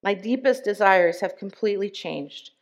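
Earnest woman reading a church testimony. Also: mid-range voice. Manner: earnest, deliberate reading with emphatic pauses. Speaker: church speaker. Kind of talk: sermon, reading a testimony aloud.

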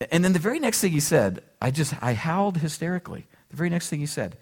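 A man preaching a sermon in a chatty, conversational way, leaning on asides and rhetorical questions to his congregation. His voice sits a little high and swings widely in pitch as he talks. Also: fast talker, few pauses, breathy edge. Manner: conversational, animated, frequent "like" and "right?". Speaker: pastor.

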